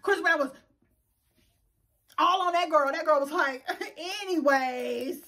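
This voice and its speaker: A woman's voice: extremely high pitch, takes it slowly, sharp tone. A woman in her thirties reviewing a reality show in a casual, sassy rant, laughing often and talking straight to her viewers. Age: 30s. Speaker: YouTube reviewer. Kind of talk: casual ranting commentary.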